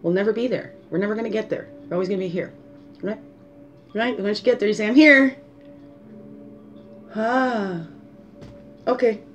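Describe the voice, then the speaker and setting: A woman hosting a spiritual guidance talk, musing aloud and asking rhetorical questions, often tagging "right?" and a soft "hmm". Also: mid-range voice, fast, soft background music. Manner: musing, asks rhetorical questions, adds 'right?' and 'hmm'. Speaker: spiritual guidance show host.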